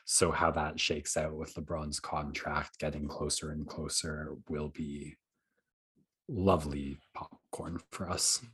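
A man's voice: rumbling low, level tone, takes it slowly, a bit bright, slightly rough. A man co-hosting a sports podcast, rambling casually and thinking aloud as he talks. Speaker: podcast co-host.

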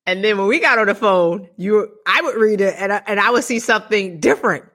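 A woman hosting a podcast interview, laughing often and acting out animated retellings. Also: medium pitch, quick pace. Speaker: podcast host. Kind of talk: casual interview chat.

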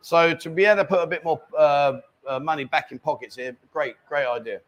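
A man's voice: a little high, brisk. A man hosting a casual live stream from a bar, bantering and reading out viewer comments. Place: bar lounge.

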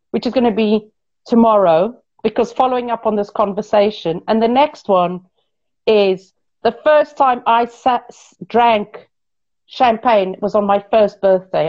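A woman from Portugal telling her life story in a casual, animated way, often correcting herself mid-sentence and throwing asides to the listeners. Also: a little high, muffled recording.

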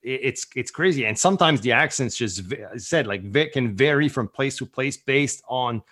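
A middle-aged man appears as a guest in a casual interview. He talks with enthusiasm in loose, rambling sentences. His voice sits at an ordinary mid pitch. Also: expressive, normal speed, fairly bright tone, breathy edge. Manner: enthusiastic, rambling with many "like" fillers. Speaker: guest entrepreneur.

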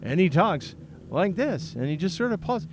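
A man hosting a podcast, chatting casually and telling an animated story, acting out the people he quotes. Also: high-pitched, moderate pace. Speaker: podcast host. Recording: outdoor recording with clear background noise.

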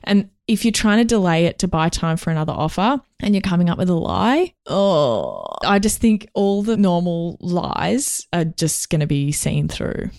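A woman's voice: lowish voice, sing-song, normal speed, hardly any pauses, a little mellow, no echo. A woman hosting a casual talk show, chatty and frank as she gives advice. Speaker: podcast host. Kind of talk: casual chat. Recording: dry close-miked studio.

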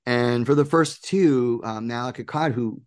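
An enthusiastic man telling stories in an interview. His voice sits at an ordinary pitch, and he brings other people to life by acting out what they said. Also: unhurried. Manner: animated, enthusiastic, acts out quoted people. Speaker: guest, producer and game maker. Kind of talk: casual interview storytelling.

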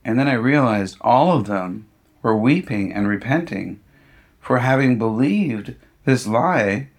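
Animated male pastor telling a story. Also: medium pitch, a little slow. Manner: animated storyteller who acts out what others said; humorous, self-deprecating asides. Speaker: pastor and guest speaker. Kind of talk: conversational storytelling interview.

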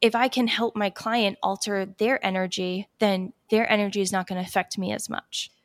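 A hairstylist woman chatting casually on a podcast, leading breathing exercises with calm slow counting and lots of "like". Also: mid-range voice, dry recording.

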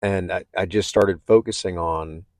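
A man talking candidly and haltingly about his own struggles, with many restarts. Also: deep voice, fairly even intonation, darkish tone, dry recording. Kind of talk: personal reflective talk.

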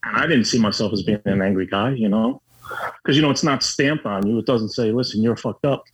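Husky, blunt-talking middle-aged man. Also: on the low side, brisk, muffled recording. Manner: blunt and profane, with many fillers. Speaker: guest. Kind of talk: candid personal storytelling.

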